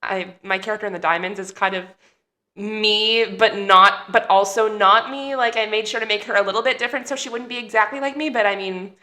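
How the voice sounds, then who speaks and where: Bubbly chatty woman, bright voice. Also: mid-range voice, fairly even intonation, fairly quick. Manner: bubbly, chatty, many fillers. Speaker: actor guest. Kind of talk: casual interview chat.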